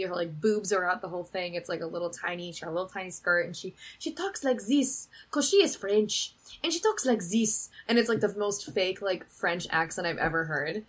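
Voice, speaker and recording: A woman's voice: medium pitch, slightly rough, rough recording. A young woman co-hosting a podcast, chatting casually and retelling a film with lots of "like". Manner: chatty, says "like" a lot, lively retelling. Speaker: podcast co-host recapping a film. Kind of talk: casual chat.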